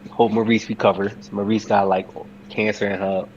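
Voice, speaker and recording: A man co-hosting a casual chat, talking in an excitable, slangy way with many restarts, on a dull, lo-fi recording. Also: fairly low pitch, moderate pace, slight background noise. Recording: dull lo-fi sound.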